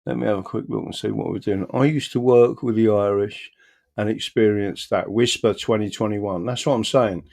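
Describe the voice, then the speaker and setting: Blunt gravelly man. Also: on the low side, fairly even intonation, moderate pace, darkish tone. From London, England. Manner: blunt, rambling, many restarts. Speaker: livestream host. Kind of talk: live stream, reading out viewer comments.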